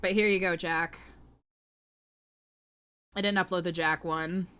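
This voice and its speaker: Playful, flirty streamer woman, bright voice. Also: fairly low pitch, fairly even intonation, measured pace, clean tone. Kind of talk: casual livestream chat while drawing.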